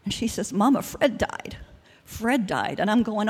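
A woman's voice: mid-range voice, big pitch swings, moderate pace, breathy edge. An older woman giving an earnest sermon and personal testimony at a church service, rambling at times with restarts and fillers. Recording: long hall reverb.

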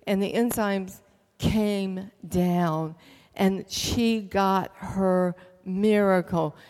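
A woman's voice: mid-range voice, steady tone, drawn-out words, a little mellow. Earnest middle-aged woman in a reverberant hall. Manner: earnest storytelling, hesitant fillers. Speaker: speaker giving testimony. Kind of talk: personal faith testimony. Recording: long reverb from a large hall.

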